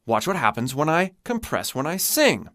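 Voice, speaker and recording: A man's voice: on the high side, normal speed, dry recording, studio quality. A man, a vocal coach, explaining singing techniques and demonstrating them with his own voice. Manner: expressive, demonstrates with voice.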